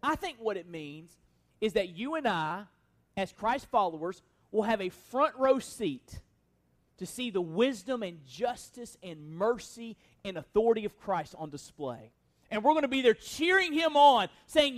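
A man's voice: very high voice, lively intonation, measured pace. A man pastor delivering an expository sermon, earnest and emphatic, posing rhetorical questions to the congregation.

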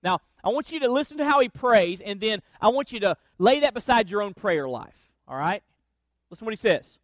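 A man with a notably high voice preaches a sermon, building his points through emphatic, repeated refrains. The sound is dry and close, with no room around it. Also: sing-song, fairly quick, no echo. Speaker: pastor.

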